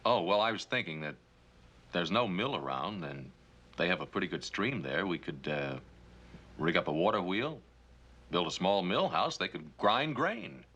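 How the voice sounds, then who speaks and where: A calm ranch son. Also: male voice, sits low, moderate pace, slightly rough, full character voice. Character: calm, level-headed eldest son on a ranch. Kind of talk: 1960s television western acting.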